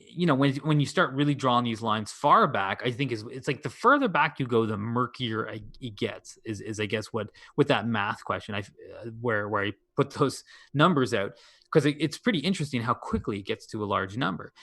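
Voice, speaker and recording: A man's voice: medium pitch, animated, moderate pace, fairly bright tone, dry recording. A man chatting loosely on a podcast, his mid-range voice sitting close and dry with no room around it. He circles his points, doubling back and rephrasing as he thinks aloud. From Canada. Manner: meandering, thinks aloud with frequent restarts. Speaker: podcast co-host. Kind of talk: casual chat.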